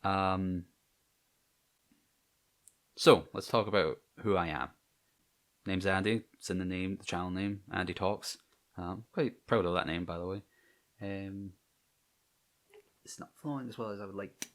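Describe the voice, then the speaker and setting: Scottish guy near edinburgh, low voice, lots of ums, nervous vlog chat to camera. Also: unhurried, long pauses, fairly bright tone. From Scotland. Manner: hesitant, many ums and restarts, self-conscious. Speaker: channel host.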